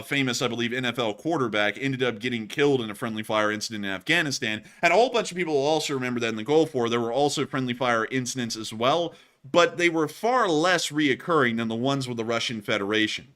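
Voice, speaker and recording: A man co-hosting a casual news commentary show, talking in an animated, jokey way. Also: mid-range voice. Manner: animated, jokey, acts out scenes in silly voices. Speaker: co-host of war news show.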